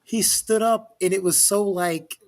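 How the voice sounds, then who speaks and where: A man in his forties, originally from Miami, hosts a casual live talk show. His voice sits a little high for a man, and he tells stories animatedly, playing out every line of the dialogue. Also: unhurried. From Miami, Florida. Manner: animated storyteller, acts out the dialogue. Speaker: show host.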